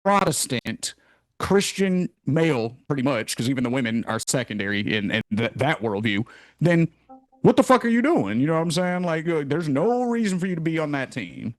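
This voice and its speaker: A man hosting a casual podcast chat, ranting in a profane, animated way. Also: fairly high pitch, moderate pace, no room sound, studio quality. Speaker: podcast host.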